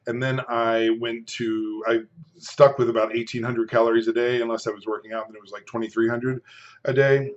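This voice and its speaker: This fifties-aged food and fitness vlogger talks to camera over a meal in a chatty, rambling way, stopping at times to chew. He speaks fairly quickly at a medium pitch with flat delivery, on a muffled recording.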